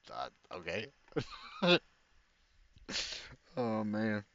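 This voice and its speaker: A man's voice: lowish voice, wildly swooping pitch, very slow, bright, forceful tone, no room sound, dull audio. A man ranting casually in a reaction video, rambling and slangy. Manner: rambling, slangy, keeps saying bro. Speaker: commentator.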